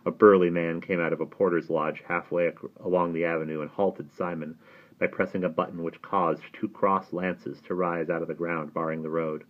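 A man reading a novel aloud in steady audiobook narration. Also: sits low, normal speed. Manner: steady storytelling. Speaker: audiobook reader. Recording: tinny phone-like sound.

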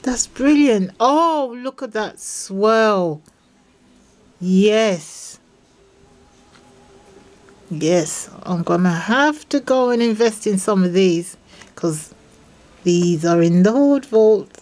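A woman showing off craft mail from friends, gushing and excitable, with gasps and breathy whispered exclamations. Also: mid-range voice, very slow, long pauses. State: unwell. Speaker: craft vlogger opening mail from viewers. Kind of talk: casual unboxing vlog.

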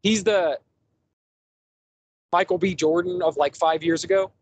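A man's voice: high voice, steady tone, a little slow, no echo, low-quality recording. Rambling man chatting movies on a podcast. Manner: rambling, enthusiastic, frequent fillers and restarts. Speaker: podcast host. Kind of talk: casual podcast movie review chat.

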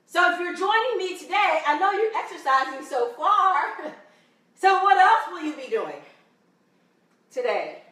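A woman's voice: very high voice, very animated, a little slow, long pauses, bright, forceful tone. A woman fitness instructor leading a home workout, counting reps and encouraging viewers, getting out of breath at times. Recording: echoey room, voice from a distance.

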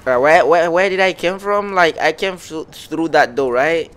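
A man giving excitable live gameplay commentary, talking to himself and his viewers with frequent exclamations. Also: fairly high pitch, moderate pace, clear, resonant tone. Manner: excitable, lots of exclamations and self-talk. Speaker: gameplay streamer.

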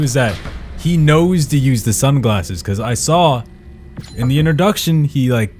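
A young man giving excitable let's-play commentary, swearing and yelling at the game as he plays. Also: mid-range voice. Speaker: gaming YouTuber. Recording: game music playing behind.

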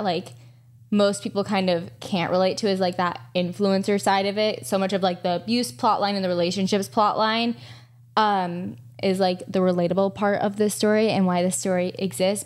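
Casual woman host reading texts aloud. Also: fairly low pitch. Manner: casual, with many fillers like "like" and "um". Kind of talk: reading text messages aloud with commentary.

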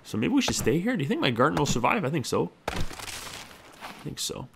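Young male gamer, lively pitch, chatty self-talk, faint clicking behind. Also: racing, vocal fry, noisy background. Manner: animated, talks to himself and the game character. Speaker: gameplay commentator. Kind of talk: let's play commentary.

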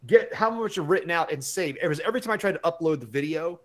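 A middle-aged man hosts a loose live-stream chat, his speaking voice sitting a bit high. He rambles, starts over often and works himself up, with casual swearing. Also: fast talker. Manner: rambling, excitable, many restarts, swears.

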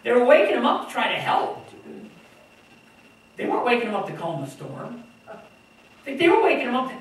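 A woman preaching a sermon, telling the story in an animated way and acting out the voices of the people in it. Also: a little high, a little fast. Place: church hall. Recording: echoey room from far off, faint noise.

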